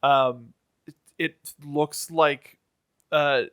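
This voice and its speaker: Man, smooth resonant voice, casual chat, halting recap, dry close mic. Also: on the high side, steady tone, no room sound. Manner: halting recap with many ums and likes. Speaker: podcast co-host.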